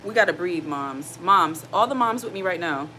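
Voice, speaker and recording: Woman in her thirties, lowish voice, earnest and direct, casual advice to viewers, noisy background. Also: animated, moderate pace, bright, forceful tone. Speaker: single mom vlogger. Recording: noticeable background noise.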